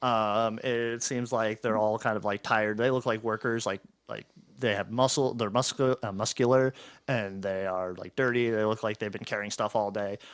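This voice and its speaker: A man's voice: on the low side, steady tone, moderate pace, clean tone. A man running a tabletop game as game master, narrating in a rambling, hesitant way with frequent laughs.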